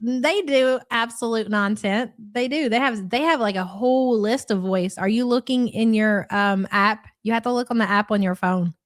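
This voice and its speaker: A woman's voice: fairly high pitch, normal speed, few pauses. A woman co-hosting a casual online chat, gossiping and mocking with frequent laughter. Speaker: co-host.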